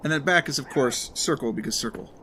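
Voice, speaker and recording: A man's voice: mid-range voice, fast talker, background noise. A man hosting a let's play, chatting casually and rambling as he plays, often correcting himself mid-sentence. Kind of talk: casual game commentary.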